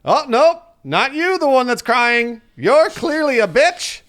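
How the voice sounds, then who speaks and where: A man puts on a mocking old wand-shop keeper with a high, swooping voice. He draws out every snide insult slowly and leans on it. The taunting never lets up. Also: big pitch swings, a bit bright, heavily acted.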